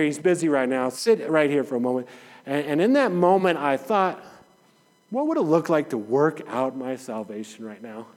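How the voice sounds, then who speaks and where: A pastor with a fairly high voice and lively intonation preaches at a moderate pace, telling anecdotes conversationally and acting out the dialogue of the people in them. His sermon carries a long hall reverb.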